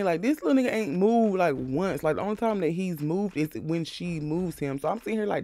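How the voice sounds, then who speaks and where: A man's voice: high voice, lively intonation, fairly quick, few pauses, darkish tone, dry recording. A man casually recapping a reality show, bluntly and with jokes, acting out the cast members' lines. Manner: blunt, profane, joking asides.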